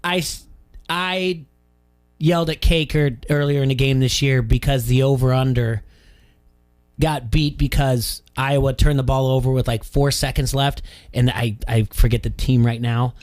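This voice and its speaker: Young male sports radio host, casual and self-mocking, quick to laugh. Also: medium pitch, fairly even intonation, a little mellow. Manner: rambling, self-deprecating, laughs often.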